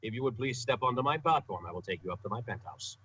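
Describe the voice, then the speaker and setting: A man voicing a grandiose male wizard hero in a booming, pompous voice during a tabletop game. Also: lively intonation, pushed and bright, slightly rough, dull audio. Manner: booming, pompous, slow delivery.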